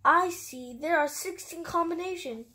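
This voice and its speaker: A woman's voice: very high-pitched, a little slow, pushed and bright, voice pushed up, full character voice. A woman reading as an earnest young boy. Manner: earnest, explaining.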